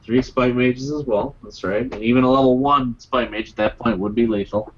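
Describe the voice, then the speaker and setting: A man's voice: mid-range voice, steady tone, normal speed, dull audio, a crowd in the background. A man co-commentating a live card game match, trading dry jokes with his partner. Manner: joking, dry banter.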